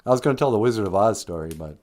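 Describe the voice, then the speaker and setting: A man's voice: lowish voice, lively intonation, very fast, darkish tone. A man hosting a comedy live stream, who talks in a blunt, sarcastic, ranting way. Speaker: show host.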